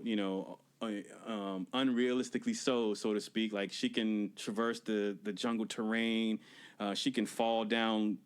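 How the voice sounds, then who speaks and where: A man's voice: on the low side, smooth. A man on a podcast casually recapping a film scene, acting out the characters' lines, laughing and swearing as he goes. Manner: animated storytelling, acts out quotes, laughs and swears. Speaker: podcast co-host reviewing movies. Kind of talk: casual movie review chat.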